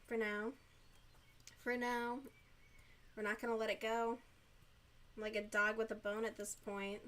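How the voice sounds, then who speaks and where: A woman streamer chatting casually while she crochets, giggly, youthful-sounding and quick to swear. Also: fairly high pitch, flat delivery, a bit bright.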